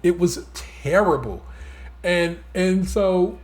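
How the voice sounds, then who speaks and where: A man on a podcast, voice sitting a little high, rattling off loose, swearing commentary. He swings into animated, mocking bits as he talks. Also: takes it slowly. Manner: animated, profane storytelling with mocking impressions. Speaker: podcast co-host. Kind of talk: casual podcast chat.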